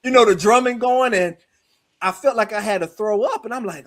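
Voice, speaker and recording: A man's voice: high voice, brisk. A middle-aged man, a spiritual practitioner, telling a personal story in conversation and slipping into quoted voices. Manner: animated, slips into quoted voices.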